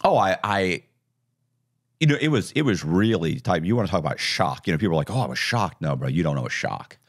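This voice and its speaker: Deep-voiced man telling his story. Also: fairly quick, no echo, studio quality. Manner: animated, acts out quoted dialogue. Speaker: podcast guest. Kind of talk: casual storytelling interview.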